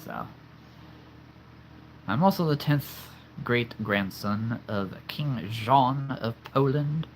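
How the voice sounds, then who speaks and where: A man's voice: mid-range voice, big pitch swings, slow, pauses often, slight background noise. A young man from the central United States hosting a casual livestream, chatty and enthusiastic, laughing easily. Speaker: livestream host.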